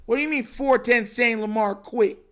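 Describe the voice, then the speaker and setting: High-voiced man ranting on a livestream. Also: normal speed, pushed and bright. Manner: frustrated, repetitive, slangy, says bro constantly. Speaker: livestream host reacting to a football game. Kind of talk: casual livestream rant.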